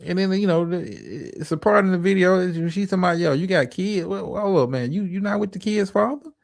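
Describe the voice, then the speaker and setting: A man's voice: high voice, very animated, fast talker, vocal fry, no echo, studio quality. A man hosting a livestream, reacting to a clip with profane, stammering, preachy relationship advice. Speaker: streamer host.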